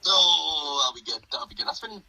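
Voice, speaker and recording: A man as a guest in a casual chat, relaxed and joking in quick asides. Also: on the high side, creaky, noisy background.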